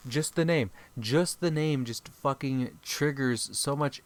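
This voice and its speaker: A man's voice: mid-range voice, slow pace, clean tone, no room sound. A man hosting a gaming video, reading visual-novel lines aloud and breaking into exasperated, profane comic rants.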